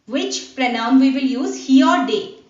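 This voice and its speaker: A woman's voice: sits high, unhurried, far from the mic. A woman teacher with an Indian English accent, explaining a grammar lesson step by step and answering her own questions. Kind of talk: online class lesson. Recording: dull, roomy sound from off-mic.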